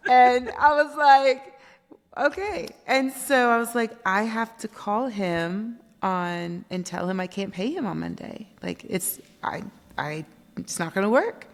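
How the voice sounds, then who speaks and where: A woman guest on a podcast, telling her story in an animated way and acting out quoted dialogue. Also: medium pitch, unhurried, slight background noise. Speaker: guest, company founder. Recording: long reverb.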